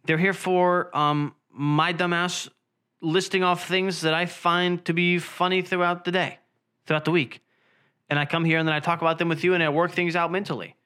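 A young man talking through a casual solo podcast, with a voice a touch higher than most men. He rambles and jokes, restarts often, and lets his phrases sink low at the ends. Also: flat delivery, normal speed, pushed and bright, smooth. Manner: rambling, jokey, trails off low. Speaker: podcast host.

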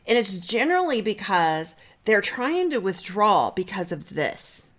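A woman marriage therapist talking straight to the listener, coaching them with direct, practical advice and slow guided breathing. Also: medium pitch, very animated. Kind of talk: advice talk to camera.

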